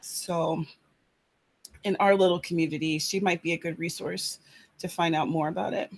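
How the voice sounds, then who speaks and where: A woman's voice: lowish voice, fairly even intonation, normal speed. A woman writer, chatting casually to her live-stream viewers from her apartment, rambling with lots of fillers. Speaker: writer hosting a live chat. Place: apartment room.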